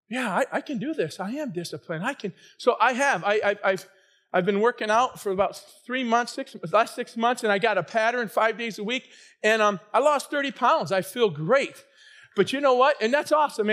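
Middle-aged pastor guy, pretty high voice, preaching hard, keeps breaking into shouts. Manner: energetic preaching, often rising to shouted emphasis. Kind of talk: sermon. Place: church sanctuary.

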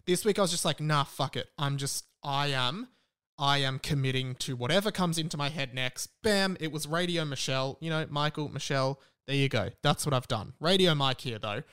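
A man's voice: a little high, fairly bright tone. A man, hosting a solo podcast in a rambling, self-deprecating, chatty way. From Australia. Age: 20s. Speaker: podcast host.

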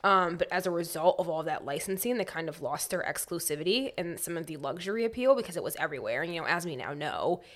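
A woman's voice: on the low side, lively intonation, fast, hardly any pauses. A woman co-hosting a podcast, telling a story in a casual, chatty way with wry asides. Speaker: podcast co-host.

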